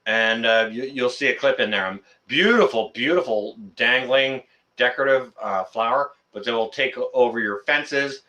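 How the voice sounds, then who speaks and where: Man, bright forceful tone, teasing, casual stream host. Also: medium pitch, moderate pace. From Canada. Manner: joking, teasing banter. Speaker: channel host. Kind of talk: casual live-stream chat.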